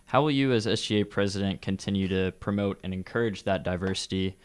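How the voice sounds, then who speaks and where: A young man moderating a student debate, reading a prepared question in a measured, even way. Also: sits low, clear, resonant tone.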